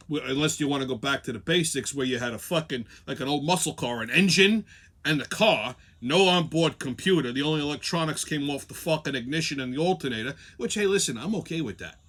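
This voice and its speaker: Man, show host, comedic rant, swearing and sarcastic, bright forceful tone. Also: on the high side. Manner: profane, sarcastic and rambling.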